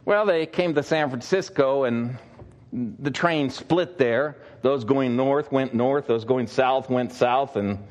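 A man's voice: mid-range voice, slow pace, darkish tone. A male pastor preaching a sermon, telling stories conversationally with frequent fillers.

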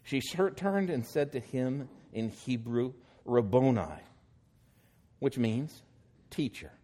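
A man's voice: mid-range voice, lively intonation, takes it slowly, dark tone. A man preaching a sermon, reading scripture aloud and then explaining it with growing emphasis.

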